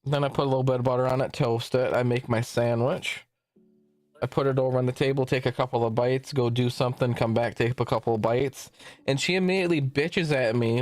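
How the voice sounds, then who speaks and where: A young man streamer with a mid-range voice speaks at a moderate pace, recorded dry over soft background music. Animated and swearing freely, he tells a long work story casually and acts out its dialogue.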